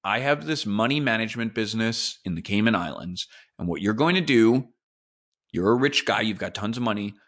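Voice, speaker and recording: A man voicing a smooth, scheming male financier who talks in a calm, confiding way. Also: on the low side, brisk. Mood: reassuring.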